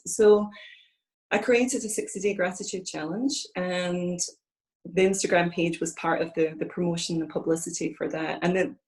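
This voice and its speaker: A woman's voice: medium pitch, darkish tone, low-quality recording. A woman with a Scottish accent, a guest in a conversational interview, speaking earnestly and reflectively over a video call.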